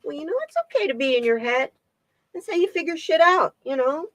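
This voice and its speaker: A woman's voice: high-pitched, animated, a little fast, dry recording. A woman hosting a casual live-stream tarot reading, chatting with her viewers, laughing often and reading their comments aloud. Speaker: tarot reader and channel host.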